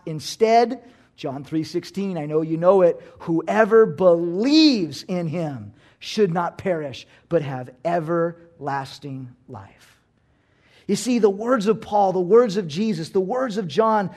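A male pastor delivers a sermon in a high-pitched voice. He preaches with animation, rising to excited shouts and dropping to near whispers. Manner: animated preaching, swings from loud to hushed.

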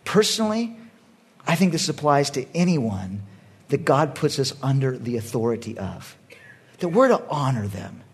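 A middle-aged man preaching a sermon as pastor, swinging between loud bursts and hushed, quiet asides. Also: mid-range voice, very animated, moderate pace, slightly rough.

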